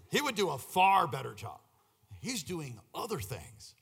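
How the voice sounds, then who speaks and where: Charismatic male preacher, high voice, quiet storytelling that bursts into shouted call-and-response. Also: wildly swooping pitch, a little slow, gravelly, breathy edge. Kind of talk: charismatic sermon.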